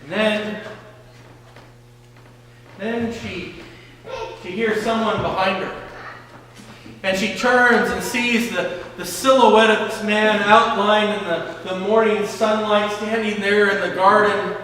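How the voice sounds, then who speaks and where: A man preaching a sermon as pastor, slowly retelling a scripture story and often repeating words. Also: high voice, steady tone, fairly bright tone, slight background noise. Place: church sanctuary. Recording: echoey church hall from a distance.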